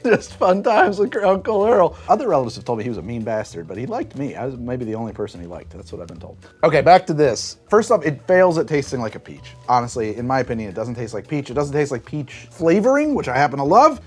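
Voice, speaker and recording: Wry man with a lively voice. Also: mid-range voice, quick pace, few pauses, breathy edge, faint music behind. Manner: wry, deadpan humor with frequent laughs. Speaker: host. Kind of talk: casual drink tasting review.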